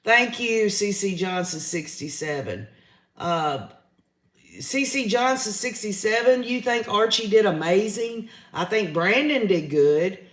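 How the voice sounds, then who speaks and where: A man's voice: high voice, measured pace, fairly bright tone, reverberant. A man, hosting a livestream, giving his opinions in a chatty way and reading out viewer comments. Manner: chatty, opinionated, says y'all often. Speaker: livestream host reading chat.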